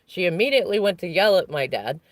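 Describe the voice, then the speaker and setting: A woman's voice: fairly low pitch, expressive, quick pace, dry recording. A woman vlogger sitting in a parked van, venting about a family conflict in a long, rambling, unscripted rant.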